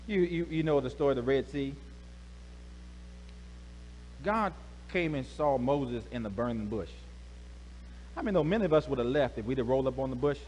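A male pastor preaching a lively sermon, calling out to the congregation with casual slang. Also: medium pitch, fast. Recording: echoey hall, faint hum.

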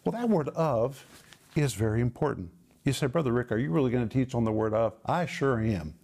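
A man preaching a sermon, who explains words closely and slows down to stress his points. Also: medium pitch, lively intonation, a little mellow.

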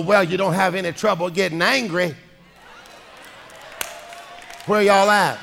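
Male pastor, high bright gravelly voice, preaching in shouts and sung cadences, live church hall with music and crowd. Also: normal speed, hardly any pauses. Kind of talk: sermon. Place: large church hall with congregation.

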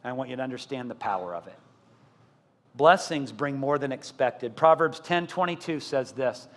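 Middle-aged pastor preaching in a reverberant church. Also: male voice, medium pitch, moderate pace. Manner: preaching that builds to loud, emphatic repetition; asks the congregation rhetorical questions. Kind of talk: sermon. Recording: long church-hall reverb.

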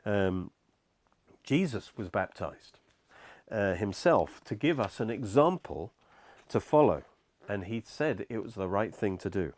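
Animated, earnest male preacher. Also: on the low side, a little slow, pauses often, dry recording. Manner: earnest, emphatic, explains step by step. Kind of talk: sermon teaching from scripture.

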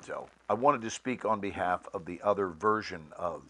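A man, an actor and guest, speaking in a measured, deliberate way on a panel talk, with expressive shifts in inflection. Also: sits low, slight background noise.

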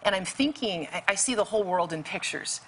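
A woman guest author shares a faith testimony, telling it vividly and acting out the dialogue. Her voice is medium-pitched, expressive, and brisk, with a little hiss or hum in the recording.

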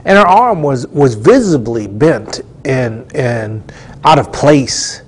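Speaking slowly in a studio, a man with a medium-pitched, animated voice preaches a storytelling sermon built around a testimony. He tells it earnestly, repeating himself for emphasis.

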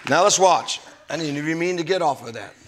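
A male pastor delivers a sermon in a high, bright, forceful voice. He preaches with emphasis and drops in folksy asides. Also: lively intonation, fairly quick, some chatter behind.

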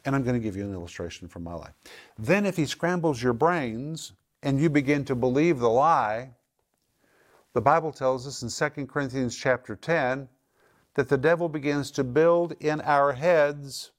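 This medium-pitched man teaches scripture on a program as a Bible teacher. His style is emphatic: he repeats words to stress them and slows down when reaching important points.

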